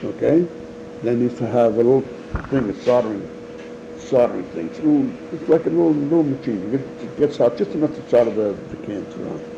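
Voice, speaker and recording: Old new guy spinning yarns, does all the voices, gravelly, kinda muffled home tape. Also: medium pitch, fairly quick. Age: older. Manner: animated storyteller acting out voices, laughs often. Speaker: interviewee. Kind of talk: storytelling. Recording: dull lo-fi home recording with faint noise.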